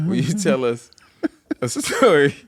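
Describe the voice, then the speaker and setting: A man's voice: on the high side, big pitch swings, takes it slowly, breathy edge. A man hosting a podcast, chatting casually and laughing hard. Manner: laughs hard, loose banter. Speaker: podcast host. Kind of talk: casual chat.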